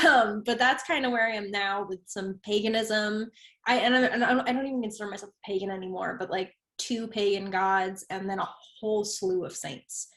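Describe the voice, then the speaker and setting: A woman's voice: medium pitch, normal speed, fairly bright tone, echoey room. A woman from the United States, a guest in a casual interview, talking in a rambling way that often interrupts itself. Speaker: guest practitioner.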